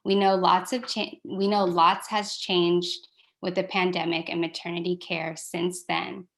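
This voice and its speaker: A woman reading a prepared research presentation in a steady, measured way. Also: on the low side, vocal fry.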